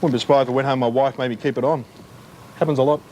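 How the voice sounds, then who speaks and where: A man's voice: mid-range voice, fairly even intonation, rapid-fire, mellow, a little hiss or hum. An Australian man doing a prank comedy bit as a mock-official parking attendant, teasing passers-by in a car park. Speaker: comedy segment presenter posing as parking attendant.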